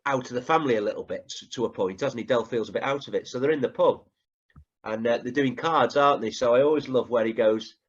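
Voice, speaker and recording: A man's voice: medium pitch, fast talker, breathy edge, lo-fi sound. A man co-hosting a podcast in casual chat, chatty and fond of tag questions as he retells scenes. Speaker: podcast co-host.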